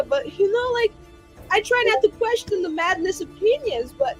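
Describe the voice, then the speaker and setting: Very high-voiced woman recounting her character's tale. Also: fairly quick, faint music behind, rough recording. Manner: rambling, animated storytelling with many fillers. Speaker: player. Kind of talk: in-character recap of a tabletop game.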